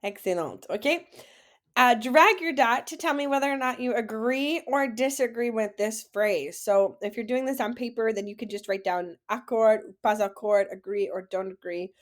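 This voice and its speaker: A woman French teacher leading a classroom-style lesson, saying words slowly for students to repeat and praising their answers. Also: fairly high pitch. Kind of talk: classroom lesson, slow model pronunciation.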